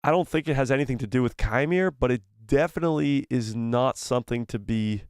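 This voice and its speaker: A young man hosting a casual live stream, reading viewer messages aloud in an animated, playful way and sometimes stumbling over the words. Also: medium pitch, brisk, smooth, no echo, studio quality.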